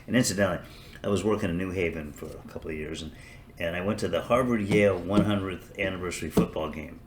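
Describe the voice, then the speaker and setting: An older man hosts a podcast in a sarcastic, rambling style and pokes fun at himself as he goes. His voice sits on the low side. A faint hum runs under the recording. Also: fast talker. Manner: sarcastic, rambling, self-mocking. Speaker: podcast host. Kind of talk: casual comedic podcast monologue.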